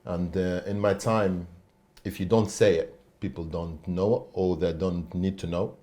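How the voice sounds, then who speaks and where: Deep-voiced man, halting and careful. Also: fairly even intonation, warm tone. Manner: halting, searches for words. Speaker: former player turned coach, guest. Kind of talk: panel discussion.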